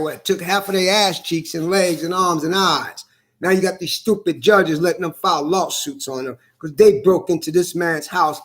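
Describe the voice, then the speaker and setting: A man's voice: high-pitched, a bit bright. A man delivering a heated, profane monologue, repeating himself as he rants. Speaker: vlogger. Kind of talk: angry ranting monologue.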